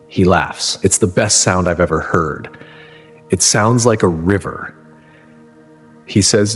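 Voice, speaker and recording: A man in his thirties from Texas, telling his own story in first person, earnest and halting, often breaking off and restarting. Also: low-pitched, breathy edge. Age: 30s. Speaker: narrator. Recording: long reverb with music underneath.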